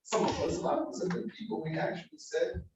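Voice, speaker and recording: A man's voice: fairly high pitch, fast talker, a little mellow. A man giving an informal sermon in a mosque hall, preaching in a casual, slangy way and acting out everyday dialogue. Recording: echoey hall, distant mic, faint noise.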